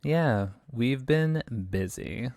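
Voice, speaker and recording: A man's voice: medium pitch, lively intonation, very slow, darkish tone, no echo, studio quality. A man co-hosting a gaming podcast, answering in a laid-back, easygoing way. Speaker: podcast co-host. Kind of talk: casual chat.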